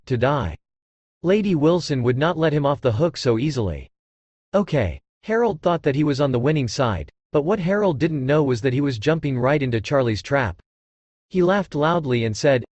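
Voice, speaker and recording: A man narrating a novel as an audiobook in a dramatic, expressive reading style. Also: a little high, no room sound.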